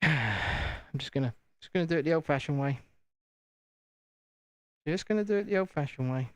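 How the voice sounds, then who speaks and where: Chatty British man, slightly high voice. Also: lively intonation, moderate pace, a bit bright, dry recording. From United Kingdom. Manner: chatty, self-deprecating, talks to himself. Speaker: streamer. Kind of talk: casual chat while building.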